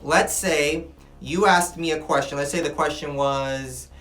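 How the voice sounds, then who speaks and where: A man giving a classroom lecture. He talks in an animated way and keeps checking in with his listeners. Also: a little high, measured pace. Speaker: teacher. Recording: echoey room with faint music. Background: faint music.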